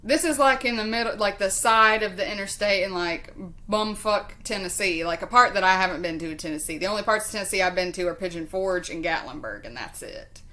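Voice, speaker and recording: A chatty woman recounts a story on her vlog in a loose, rambling style. She drifts off on tangents, swears freely and laughs easily, with a voice of ordinary middle pitch. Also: fairly quick. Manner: chatty and expressive, laughs often. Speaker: vlogger. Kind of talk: casual storytelling to camera.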